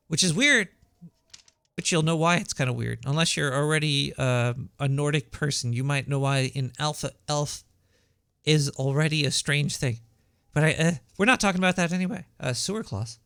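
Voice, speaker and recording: A man voicing a paranoid cartoon rat host with a shrill voice and a Brooklyn accent, rambling conspiratorially with many stumbling restarts. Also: fairly bright tone, smooth, dry recording, studio quality. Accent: Brooklyn New York. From Brooklyn, New York. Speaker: podcast host. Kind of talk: rambling comedic monologue. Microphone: home setup.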